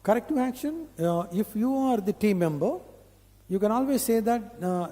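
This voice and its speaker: Male corporate trainer, Indian English, high mellow voice, lecture hall echo, quizzes the room. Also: expressive, moderate pace. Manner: conversational, repeats points, quizzes audience with "huh?". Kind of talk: live training session. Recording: long hall reverb.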